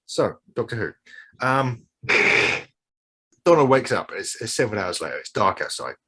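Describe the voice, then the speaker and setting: A man's voice: medium pitch, very animated, moderate pace, a bit bright, slightly rough. A man co-hosting a podcast, agreeably recapping the story and chiming in with yeahs. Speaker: podcast co-host. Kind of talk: casual chat.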